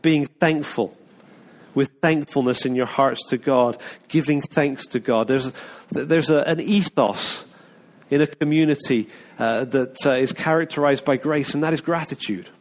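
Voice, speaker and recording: A man's voice: medium pitch, a little slow. Conversational male pastor preaching. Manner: conversational, with many restarts and acted-out asides. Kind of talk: sermon.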